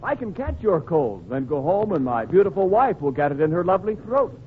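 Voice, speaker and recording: A man's voice: high voice, very animated, brisk, a little hiss or hum. A man, the show's announcer, trading teasing lines in a 1940s radio comedy. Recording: tinny 1940s radio broadcast.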